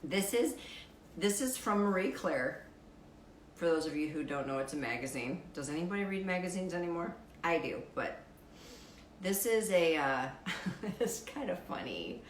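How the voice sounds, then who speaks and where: A woman with a deep, raspy voice hosting a casual live stream, reading out fun facts and viewer comments in a wry, playful way, swearing freely. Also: expressive, moderate pace, echoey room, slight background noise, poor audio.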